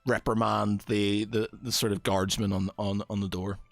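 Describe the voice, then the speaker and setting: A man's voice: fairly low pitch, little pitch movement, vocal fry, dry recording. A man narrating as game master of a tabletop game, hesitant and full of fillers. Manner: hesitant, many fillers, slow.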